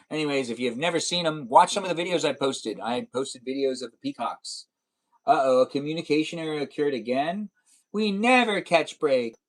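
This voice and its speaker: Young male streamer, rambling and playful, light higher voice, given to goofy noises. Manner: playful, silly, breaks into goofy noises and sing-song bits. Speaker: live streamer. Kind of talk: casual live-stream gaming chatter.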